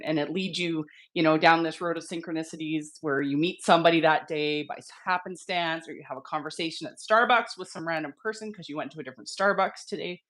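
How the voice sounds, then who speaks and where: A woman guest in a casual interview, explaining with earnest, gentle warmth, her throat slightly sick. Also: low voice, steady tone, fast, few pauses.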